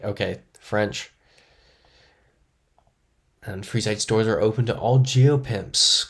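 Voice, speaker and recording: A man with a low voice and a gravelly edge chats casually through a live stream. He thinks aloud, reads out viewers' comments and pokes fun at himself in an easygoing, unscripted way. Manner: thinking aloud, chatty, self-deprecating.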